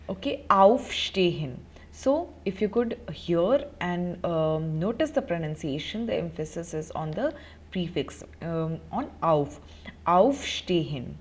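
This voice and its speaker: A woman with a medium-pitched, slightly mellow voice and an Indian English accent teaches German grammar in an online lesson. She mixes Hindi and English and uses frequent fillers while explaining.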